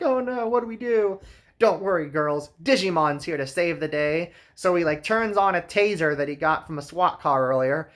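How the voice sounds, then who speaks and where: A man's voice: a little high, a bit bright. A man giving a sarcastic comedic recap of a film, wry and full of "like" fillers. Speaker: movie reviewer.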